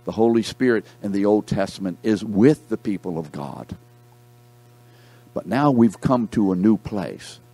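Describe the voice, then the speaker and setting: Male Bible teacher, low mellow voice, reads scripture and quizzes the room, faint hum behind. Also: husky, dry recording. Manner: reads scripture aloud, breaks off to quiz the class; repeats key words for emphasis. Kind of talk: classroom Bible lesson.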